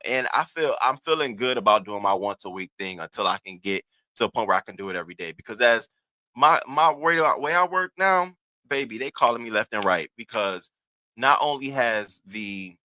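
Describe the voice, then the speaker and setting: Guy hosting a stream, bright tense voice, kinda low, dry sound. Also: no echo. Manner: loose, profane, talks to chat viewers by name. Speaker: livestream host. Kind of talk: casual livestream chat.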